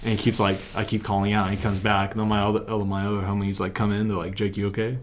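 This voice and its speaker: A man's voice: on the low side, completely flat delivery, very fast, a little hiss or hum. A young man telling a story as an interview guest, rambling, with filler "like" in nearly every sentence. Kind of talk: casual storytelling.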